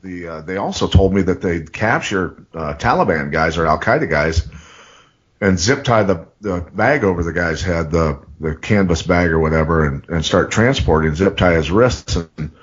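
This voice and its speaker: Male podcast host, lowish voice, loose profane storyteller, lo-fi audio. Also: moderate pace, slightly rough. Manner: profane, rambling anecdotes with lively impressions. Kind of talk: casual storytelling.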